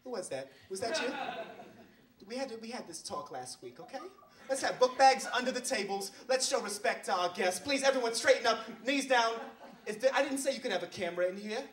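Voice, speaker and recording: A man playing a fussy, stern school principal at an assembly in a live solo show, talking primly and quickly correcting the children. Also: extremely high pitch, expressive, echoey room, recorded from a distance. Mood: prim, scolding. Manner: scolding, prim, quick to correct. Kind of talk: live solo theater performance. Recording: live show with loud music.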